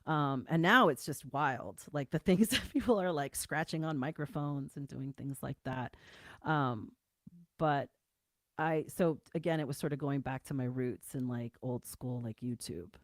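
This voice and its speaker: Low-voiced chatty woman guest. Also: unhurried, dry recording, clean studio sound. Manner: chatty, rambling with many fillers. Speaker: guest game developer. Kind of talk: livestream interview conversation.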